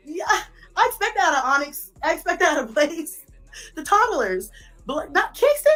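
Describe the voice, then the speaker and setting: A woman's voice: high voice, very animated, normal speed, a bit bright, soft background music. A woman, telling stories about her kids in a casual vlog, swearing and laughing as she goes. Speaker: mother vlogger.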